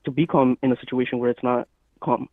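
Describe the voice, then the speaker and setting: A man co-hosting a casual podcast chat, talking in a calm, even, matter-of-fact way. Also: mid-range voice, fast talker, dry recording. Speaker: podcast co-host. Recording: dry, phone-like thin sound.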